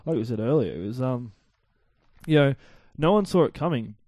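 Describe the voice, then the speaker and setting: Mellow laid-back man. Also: mid-range voice, moderate pace, dry recording. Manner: laid-back, deadpan quips. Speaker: podcast co-host. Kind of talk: casual football chat.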